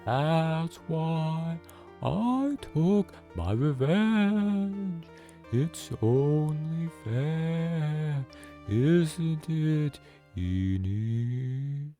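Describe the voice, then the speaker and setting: A man voicing the vengeful ghost of a murdered woman, with slow, drawn-out, eerie phrasing. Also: on the high side, expressive, dark tone, soft background music. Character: ghost of a murdered woman speaking through a medium.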